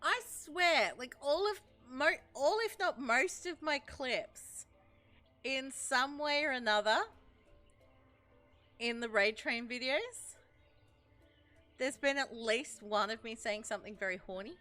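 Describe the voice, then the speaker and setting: A woman streamer gives playful, giggly commentary over her gameplay. Her voice sits high and swings widely, bright and unhurried. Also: animated, faint music behind. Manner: giggly, playful, scolds the game out loud.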